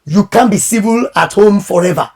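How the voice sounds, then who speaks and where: A man who is a pastor and marriage coach, giving animated advice in conversation and acting out quoted voices. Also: sits high, normal speed, crowd noise.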